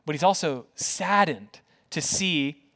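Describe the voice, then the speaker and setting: A man's voice: a little high, expressive, takes it slowly, pushed and bright. Earnest man preaching a sermon. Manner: earnest, repeats words for emphasis. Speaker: pastor.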